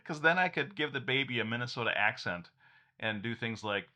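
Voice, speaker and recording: Brisk and expressive, a medium-pitched man with a sharp tone walks viewers through tech steps on a shared screen. He keeps it light and cheerful, frequently chuckling and starting sentences over.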